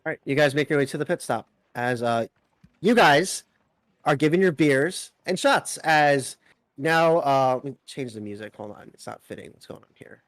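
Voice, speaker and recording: A man's voice: medium pitch, normal speed, dry recording. Guy running a d&d game, rambly and casual, medium voice. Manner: loose, rambling narration with fillers. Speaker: game master. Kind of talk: narrating a tabletop game.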